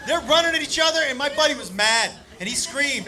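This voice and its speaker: High-voiced, profane stand-up comedian. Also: male voice, fast talker, few pauses. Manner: excitable, profane, animated storyteller. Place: comedy club stage. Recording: live club, loud crowd and noise. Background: audience laughter and noise.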